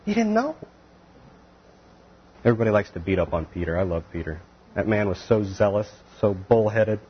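A man teaching the Bible verse by verse, animated and acting out the voices of the people in the story. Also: fairly low pitch, normal speed, highs cut off, slight background noise. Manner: animated, acts out voices of biblical figures.

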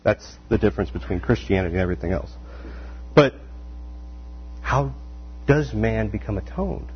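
Animated male preacher, lo-fi hum. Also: on the low side, moderate pace, breathy edge. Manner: animated, acts out quoted voices, rhetorical questions. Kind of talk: conversational sermon. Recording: dull lo-fi sound with faint mains hum.

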